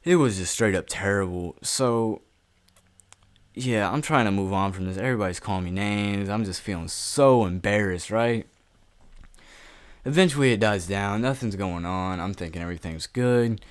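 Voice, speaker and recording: A man's voice: on the low side, moderate pace, clear, resonant tone. A young man telling a story to camera in a casual vlog, blunt and full of swearing. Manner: profane, blunt and offhand. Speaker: YouTuber.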